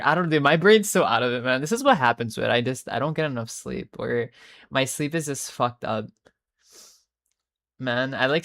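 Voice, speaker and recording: A young streamer, worn out and chatting casually to a live audience. The talk rambles, swears freely and keeps breaking off mid-sentence to start again, at a middling pitch. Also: fairly bright tone. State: tired. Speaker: live streamer reading chat.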